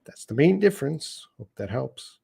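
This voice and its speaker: A man's voice: medium pitch, big pitch swings, moderate pace, gravelly, mellow, husky. A middle-aged man, teaching a live English lesson and casually answering viewers' questions one by one. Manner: casual and conversational, reads viewer questions aloud and answers them.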